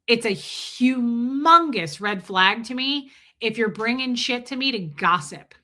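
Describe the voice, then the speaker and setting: Bright-voiced, blunt, profane woman host. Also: on the high side, unhurried. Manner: blunt, profane, animated storytelling. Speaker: livestream host. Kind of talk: casual livestream chat.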